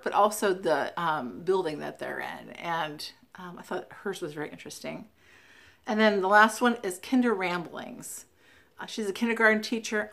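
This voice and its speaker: A woman's voice: mid-range voice, a bit bright. A woman from the West Coast of the United States, chatting casually in a show-and-tell vlog, spelling out names letter by letter with frequent ums. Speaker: Flosstube vlogger.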